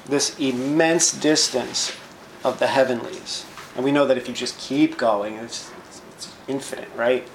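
A man's voice: medium pitch, fairly even intonation, unhurried, echoey room, a little hiss or hum, rough recording. A man preaching a sermon, reading verses and explaining them in a conversational teaching way, often checking in with "right?".

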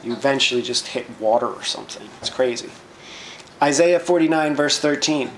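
A man's voice: mid-range voice, normal speed, reverberant, slight background noise, low-quality recording. A man preaching a sermon, reading verses and explaining them in a conversational teaching way, often checking in with "right?".

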